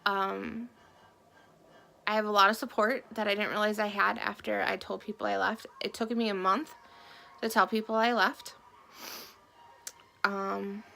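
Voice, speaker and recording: A young woman talks quietly and haltingly, stopping often and fighting back tears. Her voice is mid-pitched and slips into a gravelly fry. She speaks to the camera about her own life. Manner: soft, halting, emotional, with many pauses and fillers. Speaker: woman sharing her story. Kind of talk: personal testimony to camera.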